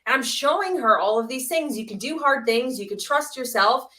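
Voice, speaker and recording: A woman co-hosting a podcast, speaking earnestly about her own life. Her voice is bright and a little higher than most. She often repeats words and restarts her sentences as she thinks. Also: lively intonation, normal speed. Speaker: podcast co-host. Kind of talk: candid casual chat.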